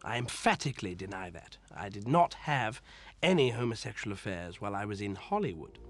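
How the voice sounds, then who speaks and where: An actor playing a vain, pompous older male film director, answering with deadpan self-importance in a mock-documentary interview. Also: on the low side, a little fast, faint music behind.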